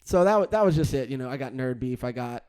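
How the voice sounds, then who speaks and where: A man's voice: mid-range voice, expressive, quick pace, darkish tone, clean tone. A man co-hosting a podcast in casual comedic chat, joking around and leaning on "you know" and "dude.". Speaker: podcast co-host.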